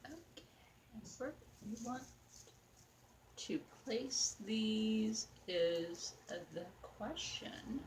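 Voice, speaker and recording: Young woman craft vlogger, unhurried rambling chat, slightly high voice. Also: expressive, a little mellow, slight background noise, low-quality recording. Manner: rambling, chatty, talks to the doll and viewers.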